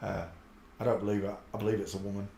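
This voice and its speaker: A man's voice: on the low side, flat delivery, rapid-fire, warm tone, a little hiss or hum. A man hosting a casual live stream, rambling and muttering to himself as he searches for clips. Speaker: channel host. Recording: echoey room.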